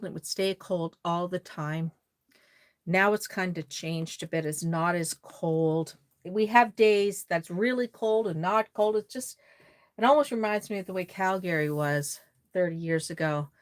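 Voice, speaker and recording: A woman from Nova Scotia, chatting casually on a live stream, rambling and reading out viewer comments as she works on a doll. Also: fairly low pitch. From Nova Scotia, Canada.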